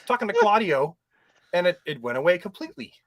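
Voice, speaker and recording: A man's voice: high-pitched, quick pace, noisy background. A man hosting a podcast, telling comic stories in casual chat and swearing freely. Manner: animated storyteller, swears freely. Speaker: podcast host, movie reviewer.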